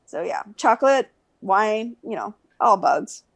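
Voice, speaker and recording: A woman co-hosting a casual livestream chat, telling stories with lively acted-out reactions. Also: mid-range voice, unhurried, gravelly, no room sound. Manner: animated storyteller, acts out her own reactions. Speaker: co-host.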